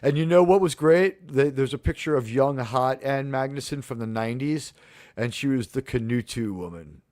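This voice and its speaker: A man hosting a casual livestream review chat, animated and profane, acting out the lines he quotes. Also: mid-range voice, moderate pace, dry recording, clean studio sound. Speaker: host.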